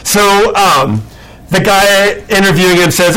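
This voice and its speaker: A male Bible teacher giving a casual classroom lecture. His voice sits a bit high and swings widely as he tosses out rhetorical questions and fillers. He sounds lively and conversational. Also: a little slow, poor audio.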